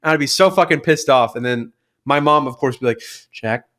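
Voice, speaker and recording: A young man co-hosting a podcast, telling animated, sweary stories about his family. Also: fast talker. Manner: animated, sweary, acts out family members in shrill voices. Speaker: podcast co-host. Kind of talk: casual chat.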